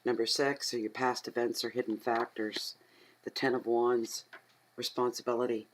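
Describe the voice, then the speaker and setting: A middle-aged woman from Atlantic Canada, a tarot reader who rambles and chats casually at home, talking aloud to herself and getting easily excited. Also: extremely low pitch, moderate pace, a little hiss or hum, poor audio. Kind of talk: casual chatty tarot reading.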